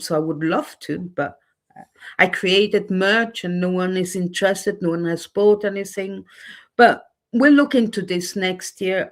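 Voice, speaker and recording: Slow-talking, blunt, indignant woman. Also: fairly low pitch. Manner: blunt, indignant, grows heated. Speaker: channel host. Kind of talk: candid livestream monologue.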